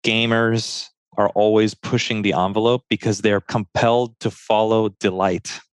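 Low-voiced enthusiastic man. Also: little pitch movement, normal speed, clean tone, no room sound. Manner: enthusiastic, agreeable. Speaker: podcast guest expert. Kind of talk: casual conversational discussion.

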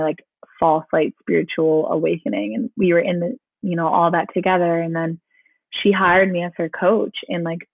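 A young woman tells her own story in a loose, chatty flow, leaning on "like" every few words. Her voice sits a little low. The audio is tinny and dry, as if heard down a phone line with no room around it. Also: dry recording. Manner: chatty, peppered with "like". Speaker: guest sharing her testimony. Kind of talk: casual personal storytelling.

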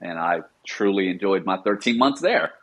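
A middle-aged man, a former Marine, telling relaxed stories as a podcast guest and acting out quoted dialogue. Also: low-pitched, normal speed, slightly rough. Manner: relaxed anecdotal, often acts out quoted dialogue. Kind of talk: casual storytelling.

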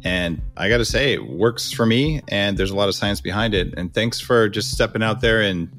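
A man hosting a podcast interview, enthusiastic and quick to thank his guest. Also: lowish voice, a bit bright, faint music behind. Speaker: podcast host.

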